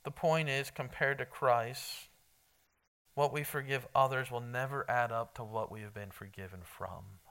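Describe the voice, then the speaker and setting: A man's voice: mid-range voice, steady tone, measured pace, fairly bright tone, clear, resonant tone. A man preaching an evening sermon in a conversational, emphatic way, quizzing his congregation. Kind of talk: evening sermon with Bible reading.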